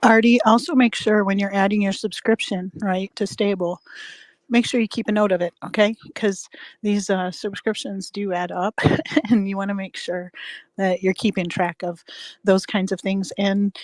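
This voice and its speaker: A woman co-hosting a live session, chatty and quick to laugh as she brings people up. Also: medium pitch, fairly even intonation, dry recording, low-quality recording. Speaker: co-host and moderator. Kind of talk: casual livestream moderating.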